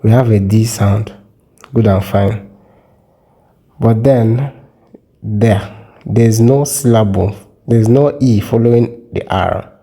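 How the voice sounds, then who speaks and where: A man teaching a French lesson, repeating words slowly and carefully so they can be copied. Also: lowish voice, warm tone. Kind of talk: slow explanatory lesson.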